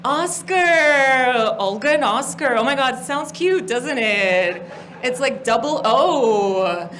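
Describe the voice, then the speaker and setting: A woman from Estonia works the room at a live comedy gig, playfully teasing the audience. Her voice sits fairly high. The stage mic picks up clear room noise. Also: animated, a little slow, rough recording. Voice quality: playful crowd work, teasing. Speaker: stand-up comedian. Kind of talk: stand-up comedy.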